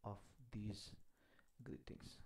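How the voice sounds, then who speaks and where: A man teaching an online language class at a slow, deliberate pace, going over each phrase again and again. His voice is dark and mellow, and he sits a little away from his computer mic. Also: distant mic. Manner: slow, repeats each phrase carefully, clears throat often.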